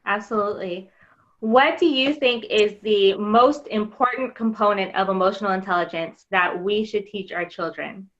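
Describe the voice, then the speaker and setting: A woman's voice: medium pitch, normal speed, a bit bright. Candid woman host, slightly muffled. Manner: candid, personal storytelling with fillers. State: pregnant. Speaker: podcast host. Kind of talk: conversational interview. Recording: slightly dull lo-fi sound.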